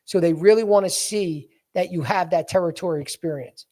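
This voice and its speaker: A man's voice: sits high, a little fast, dark tone. A man hosting a podcast, coaching listeners bluntly through a resume, repeating his key points. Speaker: podcast host and sales coach. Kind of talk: coaching talk, walking through a resume on screen.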